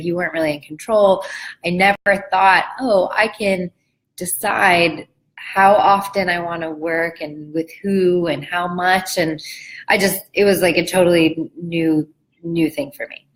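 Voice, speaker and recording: A woman's voice: on the low side, a bit bright, poor audio. A woman in her thirties who works as a business coach, telling her own story in a casual, chatty way and saying "like" often. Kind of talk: casual personal talk.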